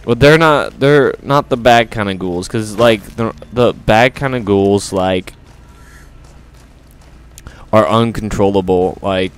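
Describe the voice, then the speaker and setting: A man commentating on his gameplay in a goofy, jokey way, with loud exclamations. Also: on the low side, takes it slowly, smooth. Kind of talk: let's play commentary.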